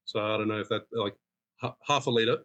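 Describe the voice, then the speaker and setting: Guy telling a bar story, loud when he quotes people, laughs a lot. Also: lowish voice, fast, highs cut off. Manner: animated, acts out quotes in raised voice. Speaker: guest bartender. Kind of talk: casual storytelling.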